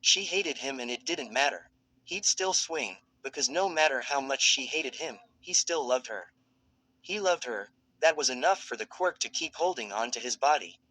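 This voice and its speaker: A man narrating a fan fiction story in a steady, dramatic storytelling manner. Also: medium pitch, normal speed, poor audio.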